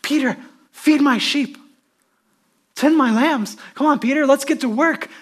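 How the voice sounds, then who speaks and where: A pastor voicing Jesus in a sermon as a kind, earnest man gently urging a friend to return to his calling. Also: very high voice, measured pace.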